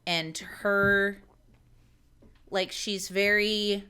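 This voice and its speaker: A woman's voice: medium pitch, steady tone, extremely slow, pushed and bright, clean tone. A woman co-hosting a podcast, chatting casually and laughing. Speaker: podcast co-host. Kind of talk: casual chat.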